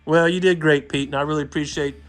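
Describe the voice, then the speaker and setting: Folksy joking host. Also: male voice, on the high side, fairly even intonation, fairly bright tone. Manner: folksy, joking, quick asides. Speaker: show host and deer hunter. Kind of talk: casual chat.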